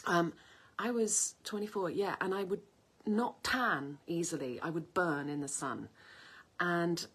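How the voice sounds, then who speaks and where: A woman's voice: low-pitched, fairly bright tone, husky. A woman in her fifties chatting casually to camera from her kitchen, rambling from one story to the next. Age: 50s. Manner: chatty storyteller, wanders off topic. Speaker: health and cooking vlogger. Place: home kitchen in the countryside.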